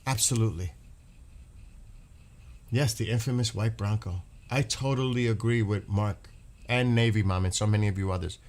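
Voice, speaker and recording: A middle-aged man with a fairly low voice talks to his live chat. He is earnest and rambling, often circling back and repeating words. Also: normal speed, pauses often, darkish tone. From United States. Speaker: live stream host. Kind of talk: casual live chat with viewers.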